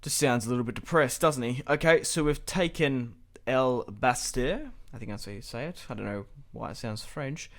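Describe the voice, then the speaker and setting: With a mid-range voice at normal speed and hardly any pauses, a young host talks through his strategy game in a relaxed, chatty way. He thinks out loud and laughs lightly now and then.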